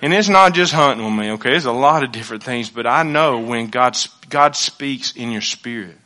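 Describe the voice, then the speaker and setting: Male preacher, folksy and rambling, bright voice. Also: mid-range voice, normal speed. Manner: folksy storytelling, dialect, repeated restarts. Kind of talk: sermon with personal hunting story.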